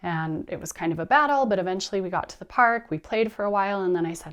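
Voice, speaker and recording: A woman in her thirties giving an animated lecture to teachers, telling a personal story with expressive delivery. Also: medium pitch, fast talker, few pauses, clear, resonant tone. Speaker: teacher trainer.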